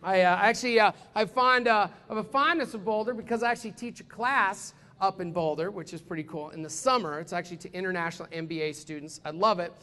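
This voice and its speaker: A young American man performing an energetic stand-up comedy set on a club stage, slipping into quick character voices. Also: high voice. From United States.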